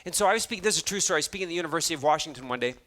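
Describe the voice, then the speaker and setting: High, bright-voiced man telling stories on stage. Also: racing. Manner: animated, acts out dialogue, self-deprecating humor. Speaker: motivational speaker. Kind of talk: storytelling keynote talk to students.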